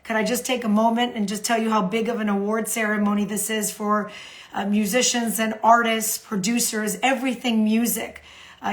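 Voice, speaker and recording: A woman from the United States hosting a live social media stream, animated and repeating phrases for emphasis. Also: a little high.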